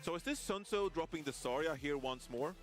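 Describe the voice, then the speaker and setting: A man's voice: a little high, animated, faint music behind. Man caster explaining esports strategy. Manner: explanatory, measured, breaks down strategy. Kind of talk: esports analysis commentary.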